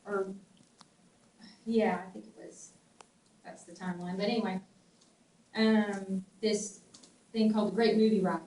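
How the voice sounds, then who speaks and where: A middle-aged woman with a Southern US twang, telling stories in a casual, animated way, laughing often and restarting her sentences. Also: mid-range voice, measured pace, pauses often. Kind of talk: casual storytelling. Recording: echoey room, distant mic, faint ambient noise.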